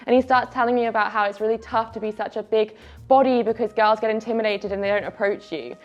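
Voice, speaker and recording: A quick-talking woman tells a lively story about a date, her words tumbling out. The recording is slightly dull, with faint music underneath. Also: on the high side. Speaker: interviewee.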